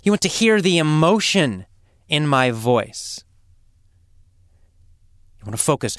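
A man teaching English learners in a slow, emphatic, deliberate way, now and then dropping to a hushed aside for effect. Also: fairly high pitch, very animated, dry recording, clean studio sound. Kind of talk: spoken lesson to learners.

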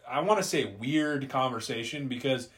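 A man hosting a casual sports podcast at a middle pitch. He rants bluntly, swears freely and lets his sentences ramble and restart. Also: normal speed, fairly bright tone. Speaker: podcast host. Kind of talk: casual chat.

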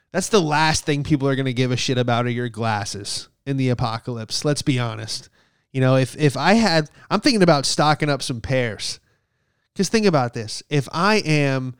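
A young man doing a stand-up bit, swearing freely and throwing himself into acted-out quotes. His voice comes through smooth and clear. The sound is dry and close. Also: mid-range voice, dry recording. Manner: profane, animated storytelling with acted quotes. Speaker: stand-up comedian.

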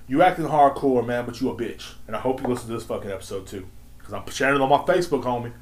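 A man's voice: medium pitch, rapid-fire, echoey room. A man in his thirties hosting a solo podcast, ranting in a swaggering, slangy, profane and mocking way. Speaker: podcast host.

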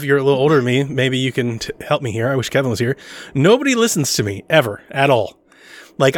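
A man in his thirties co-hosting a relaxed chat, his voice sitting a touch high and swooping all over as he tells stories. He acts out little quotes from the people he talks about and laughs along with them. It feels easygoing and conversational. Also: dry recording. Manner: animated storyteller, acts out family quotes with laughter. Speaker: podcast co-host. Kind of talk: casual chat.

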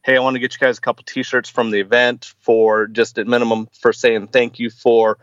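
A man's voice: medium pitch, level tone, a little fast, no echo, muffled recording. A man in his forties, a podcast guest, chatting casually and hesitantly with many fillers and restarts. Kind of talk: casual chat.

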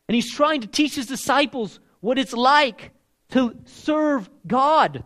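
A young man preaching a casual, conversational sermon, emphatic and swinging between loud and hushed delivery. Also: extremely high pitch, animated, takes it slowly.

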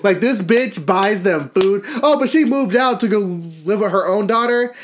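Animated young man gossiping loudly. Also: high voice, measured pace, a little hiss or hum. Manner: animated, profane storytelling with mocking voices. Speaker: podcast co-host. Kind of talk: casual gossip chat.

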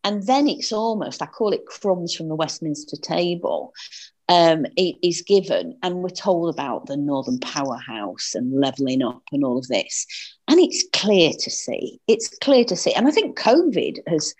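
A woman's voice: fairly low pitch, very animated, moderate pace, darkish tone. A woman with a Northern English accent, speaking earnestly as a political campaigner in an interview, with frequent fillers and restarts.

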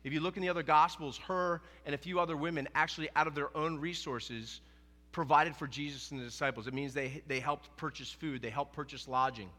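A man preaching a sermon as pastor, in an animated, conversational way, often acting out quoted dialogue. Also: on the high side, a little fast, in a large hall.

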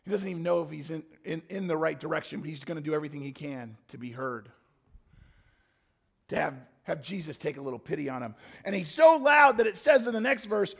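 A man's voice: fairly high pitch, fairly quick, vocal fry, fairly bright tone. A male pastor preaching a sermon, telling a story with dramatic shifts.

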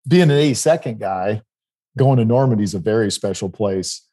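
A man's voice: lowish voice, expressive, brisk, dark tone. A middle-aged man from South Dakota telling a rambling travel story in casual chat. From South Dakota, United States. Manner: rambling anecdotal storytelling with restarts.

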